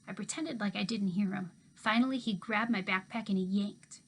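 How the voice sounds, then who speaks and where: A woman teacher reading a children's novel aloud in expressive first-person storytelling. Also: mid-range voice, normal speed.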